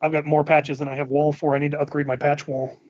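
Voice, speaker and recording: A man's voice: fairly high pitch, flat delivery, fast talker, a little mellow, no echo. A man hosting a podcast, chatting casually with easygoing, self-mocking, snarky humor. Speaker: podcast host. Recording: dull lo-fi sound.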